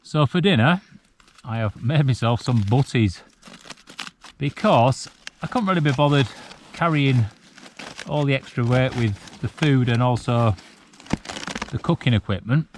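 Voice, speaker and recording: A man in his forties from the UK talks to his camera while wild camping on a cold mountaintop at night. His voice is mid-pitched and relaxed, and he reflects aloud with an easy chuckle now and then. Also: measured pace, pauses often, slight background noise. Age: 40s. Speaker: solo wild camping vlogger. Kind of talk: casual chat to camera.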